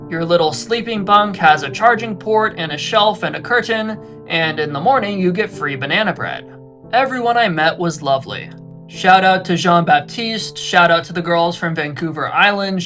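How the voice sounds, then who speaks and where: A young man narrating a travel vlog from a script, with self-deprecating, wry humor. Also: high-pitched. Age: young adult. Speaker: travel vlogger.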